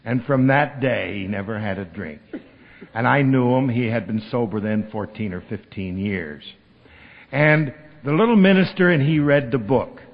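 A man telling a long story at a recovery meeting, animated and acting out the people he quotes. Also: medium pitch, normal speed. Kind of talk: storytelling talk. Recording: dull lo-fi recording with long hall reverb.

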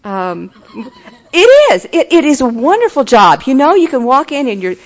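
A woman's voice: high voice, sing-song, moderate pace, lo-fi sound. An older woman giving an earnest, folksy personal testimony at a recovery meeting. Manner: earnest, folksy, turns enthusiastic and laughing.

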